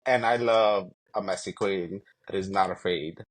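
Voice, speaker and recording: Podcast cohost guy, lowish voice, chatty and animated. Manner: chatty, animated, quick asides. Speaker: podcast co-host. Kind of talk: casual chat.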